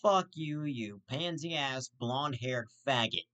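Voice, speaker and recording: A man hosting his own vlog, ranting with constant swearing and sudden outraged jumps in pitch. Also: lively intonation, moderate pace, a bit bright. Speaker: host. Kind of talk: profane vlog rant.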